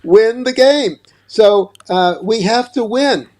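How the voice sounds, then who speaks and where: An older man speaks as a guest author in a political interview, pressing his points emphatically. His voice sits high, yet it sounds dark and mellow, and he often stumbles over repeated words at the start of a sentence. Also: slow.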